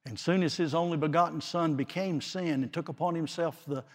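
A man preaching a sermon with slow, dramatic delivery and long pauses, swinging from forceful declarations to hushed, quiet phrases. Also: on the high side. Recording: long reverb of a large hall.

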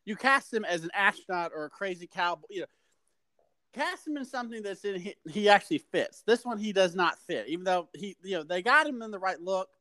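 A man's voice: sits high, expressive, fairly quick, bright, forceful tone, no room sound. A man co-hosting a podcast, giving rambling, opinionated film criticism in casual chat. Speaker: podcast co-host.

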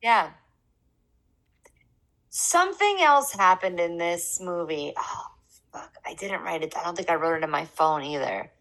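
A woman's voice: lowish voice, lively intonation, a little slow, long pauses, a bit bright, rough recording. A young adult woman co-hosting a casual podcast, chatting loosely and joking around while sipping beer. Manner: chatty, drinking beer while talking, jokes around with accents. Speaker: podcast co-host. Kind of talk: casual chat.

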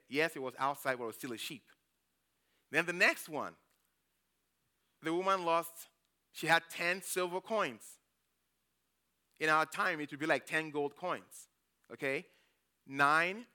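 Bright, clear-voiced male church elder. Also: mid-range voice. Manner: chatty, checks in with "okay?" and "you know". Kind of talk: conversational sermon with Bible retelling.

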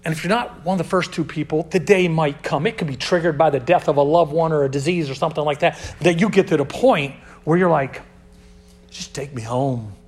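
Young male youth pastor with a high voice. Casual sermon, loud stressed lines that drop to hushed asides. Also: fast talker, few pauses. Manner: swings between loud emphasis and hushed, dropped asides; casual, talks to the audience as dude and man.

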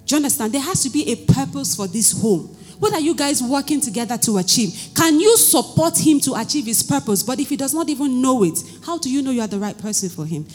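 A woman's voice: high-pitched, fast, slightly rough. A woman pastor in her thirties with a Nigerian accent, preaching a sermon, telling stories and often asking the congregation whether they understand. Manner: storytelling, animated, asks the audience questions. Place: church hall. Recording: church hall reverb, faint music.

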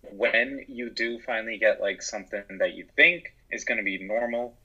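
This is an American man with a very low voice that still has a bright, forceful edge. He sounds slightly husky. He talks earnestly and reflectively, often restarting phrases. The recording is dull and lo-fi. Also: normal speed. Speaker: podcast guest, actor and writer. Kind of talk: casual conversation.

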